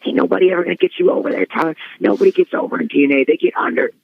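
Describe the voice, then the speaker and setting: A man impersonating an irate, foul-mouthed older male wrestling booker with a fast, high-pitched rant. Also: gravelly. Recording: dull dry studio sound.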